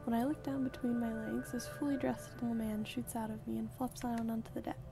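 A woman's voice: a little high, little pitch movement, fairly quick, gravelly. A woman reading the lines of a wife who recounts a strange dream to her husband in a video game, in a plain storytelling manner. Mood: telling. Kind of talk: reading game dialogue aloud. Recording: game music playing behind.

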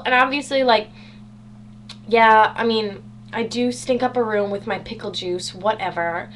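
A bubbly teenage girl vlogging from her room, her voice sitting a little high as she jokes about herself with a dry, sarcastic edge. A faint hum runs under the webcam audio. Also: steady tone, a little slow, a bit bright. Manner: bubbly, sarcastic, self-mocking. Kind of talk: casual chatty vlog. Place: home bedroom.

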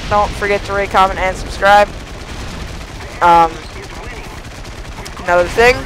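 A teenage boy giving let's play commentary on a flight combat game, yelping and pleading at the screen as he plays. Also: high voice. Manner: excitable, yelps and pleads at the game. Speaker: gaming YouTuber. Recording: noisy game audio behind voice. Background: engine and gunfire game sounds.

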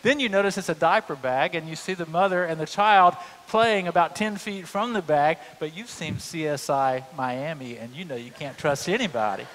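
High-voiced pastor preaching. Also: male voice, normal speed, few pauses, a bit bright, a little hiss or hum. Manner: humorous storytelling, conversational. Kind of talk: sermon. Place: church sanctuary. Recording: long church reverb.

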